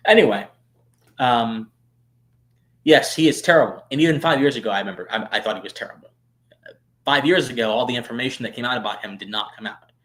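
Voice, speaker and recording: A man in the middle of his pitch range chats through a long personal story for his live stream viewers. He talks in a loose, animated way, full of fillers and restarts. His level swings from murmured asides to sudden loud bursts. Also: a little fast, pauses often. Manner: chatty, many fillers and restarts. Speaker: streamer and show host.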